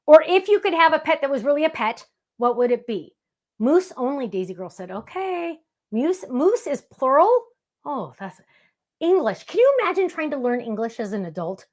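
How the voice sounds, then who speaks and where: Chatty high-voiced woman hosting a craft stream. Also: very animated, moderate pace. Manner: chatty, playful, talking to viewers in the chat. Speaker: crafting show host. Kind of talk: live-streamed craft demonstration.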